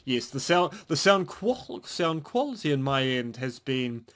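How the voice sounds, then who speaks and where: A man's voice: medium pitch, big pitch swings, unhurried, a bit bright. Joking male podcast co-host on a call. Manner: jokey, teasing banter. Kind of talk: casual chat over a call. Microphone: video call.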